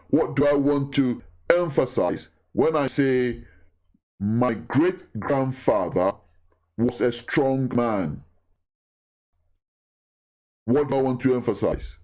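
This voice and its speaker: Guy teaching bible stuff real slow, voice goes up and down a lot, keeps repeating himself and asking questions. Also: medium pitch, animated, dark tone. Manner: deliberate, repeats key phrases, asks the listener questions.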